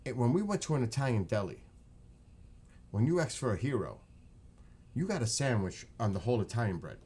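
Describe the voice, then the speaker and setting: A man's voice: mid-range voice, big pitch swings, fairly quick, darkish tone, husky. A man with a New York accent, chatting casually on his live stream, rambling and joking.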